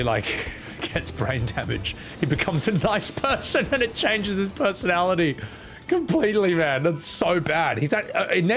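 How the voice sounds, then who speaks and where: A young male streamer with a gravelly edge, talking loosely over a game. His pitch swings in a lively way as he rambles and mocks himself. Faint game music plays behind him. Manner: rambling, jokey, self-mocking. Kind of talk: casual gameplay commentary.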